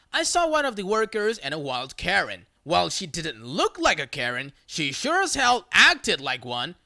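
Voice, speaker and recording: A narrator reading a reddit story aloud in a lively, playful storytelling manner. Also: medium pitch, dry recording, studio quality.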